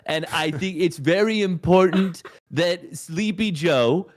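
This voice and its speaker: A man's voice: high-pitched, takes it slowly, a little hiss or hum, pitched above the performer's own voice. A man putting on an impression of a boastful older male politician who rambles in non sequiturs.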